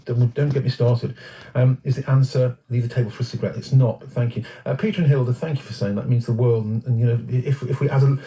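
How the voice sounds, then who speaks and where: A man co-hosts a radio show with quick, playful banter. He talks fast and teases his partner. His tone is very dark and warm. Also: mid-range voice, steady tone, poor audio. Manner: jokey and quick, playfully scolding. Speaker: radio co-host.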